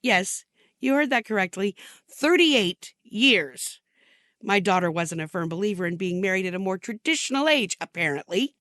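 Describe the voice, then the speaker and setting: This is an older woman voicing a mother of the bride who is fed up and sarcastic. She speaks at a middle pitch, close to the mic with no room sound. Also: expressive, fairly quick, fairly bright tone, no room sound. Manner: sardonic, exasperated. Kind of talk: comic dramatic monologue.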